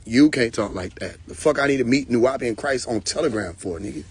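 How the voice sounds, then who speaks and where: A man's voice: mid-range voice, brisk, breathy edge. A young man hosting a casual live stream, mocking and profane, often breaking into laughter.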